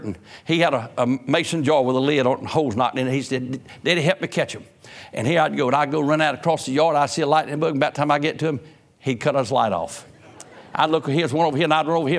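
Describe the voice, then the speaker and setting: A man's voice: on the high side, fairly bright tone. Folksy preacher man. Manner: folksy storytelling preacher, rising in emphasis. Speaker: pastor. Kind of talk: sermon.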